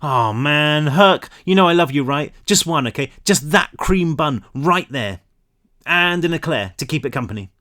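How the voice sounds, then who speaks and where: A man's voice: fairly high pitch, lively intonation, normal speed, bright, forceful tone. A man voicing a hungry teenage boy who pleads in a whiny voice. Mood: pleading.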